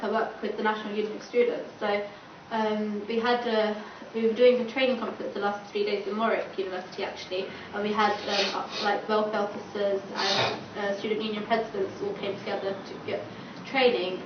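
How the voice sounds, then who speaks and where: A woman's voice: medium pitch, flat delivery, normal speed, hardly any pauses. A young woman campaigner giving a chatty panel talk, full of "like" and acted-out quoted dialogue. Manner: chatty, filler-heavy, acts out quoted dialogue. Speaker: student campaigner. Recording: distant, echoey, dull and noisy room recording.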